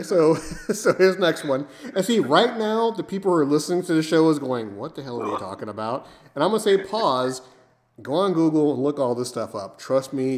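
A man hosting a podcast, casually setting up jokes and playful scenarios for his co-host. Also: fairly high pitch. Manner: playful storyteller, sets up jokes. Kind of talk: casual chat.

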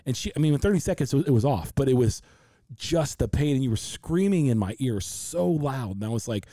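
A man's voice: mid-range voice, fast, dark tone, no room sound. A man co-hosting a podcast, earnestly telling a frightening family story and acting out what others said. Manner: earnest, quotes others animatedly. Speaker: podcast co-host. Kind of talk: emotional storytelling.

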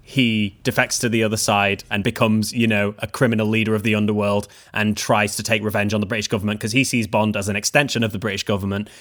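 A man co-hosting a casual film discussion podcast, animated and laughing as he rants, swearing freely. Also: fairly low pitch, fast, few pauses. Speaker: podcast co-host.

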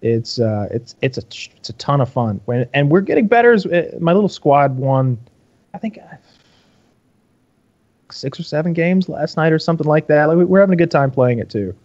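A man's voice: a little high, lively intonation, moderate pace, darkish tone, highs cut off. A man co-hosting a podcast in casual chat, rambling and swearing, restarting his sentences often. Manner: rambling, profane, lots of restarts.

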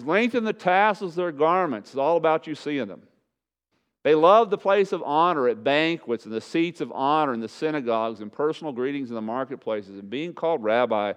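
A male pastor preaching a sermon in a church, speaking with emphasis and repeating his key phrases. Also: clean tone. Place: church sanctuary. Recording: dull low-fidelity church recording.

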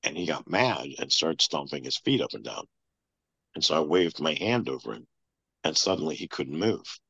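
A man telling a long personal story as an interview guest, in a flat, matter-of-fact way. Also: a bass voice, normal speed, gravelly, husky, dry recording. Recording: dull lo-fi sound.

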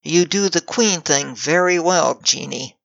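A woman's voice: deep voice, animated, a little slow, creaky, no echo, full character voice. A woman voicing a blunt, unflustered male crime-guild chief who speaks wryly and matter-of-factly, in a slightly dull audiobook recording. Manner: wry and matter-of-fact.

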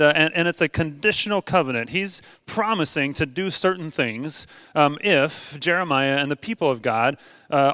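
A man preaching with a slightly high, smooth voice. He talks earnestly and conversationally, often pausing on ums and uhs. The sound is dry and close, with no room echo. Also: fairly bright tone. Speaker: pastor. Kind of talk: sermon.

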